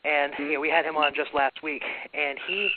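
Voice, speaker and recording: A man hosting a talk-radio show, speaking in a rambling, halting way in casual chat. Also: a little high, steady tone. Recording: tinny phone-like radio audio.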